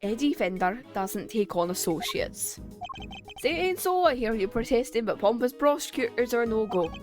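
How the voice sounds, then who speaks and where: A jaunty, easygoing older rogue of a lawyer, put on by a woman, full of slang and drawling cheer. The voice sits a little higher than her usual. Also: expressive, moderate pace, over music, natural voice.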